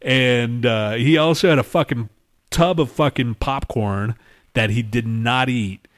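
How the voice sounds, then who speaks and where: A man's voice: mid-range voice, a little slow. A man co-hosting a podcast, telling rambling, profane stories in casual chat and acting out people he mimics. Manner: profane, rambling storytelling with animated imitations. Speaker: podcast co-host.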